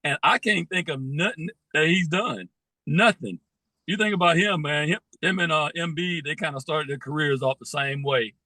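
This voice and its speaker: A man's voice: fairly high pitch, moderate pace, bright, forceful tone, no echo, rough recording. A man in casual sports chat, speaking steadily and plainly, often ending lines with "man". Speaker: podcast co-host.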